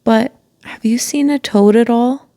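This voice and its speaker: A woman's voice: on the high side, unhurried, warm tone, dry recording, clean studio sound, pitched above the performer's own voice. A woman voicing a worried, round-faced schoolboy who has lost his toad, speaking in a tearful, wailing way for a storybook read-aloud.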